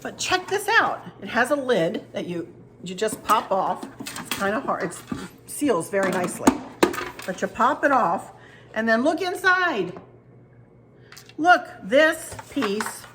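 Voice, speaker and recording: A woman's voice: a little high, sing-song, takes it slowly, long pauses, noisy background. A woman home decor vlogger in casual chat at her kitchen table, telling stories and talking directly to her viewers. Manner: chatty, storytelling, talks to viewers directly. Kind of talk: casual chat showing gifts.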